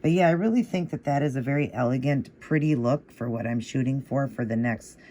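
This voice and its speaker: A man hosting a nail art tutorial, explaining each step in a patient, encouraging way and repeating the moves in a steady rhythm. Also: medium pitch, a little fast, a little hiss or hum. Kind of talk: casual step-by-step tutorial narration.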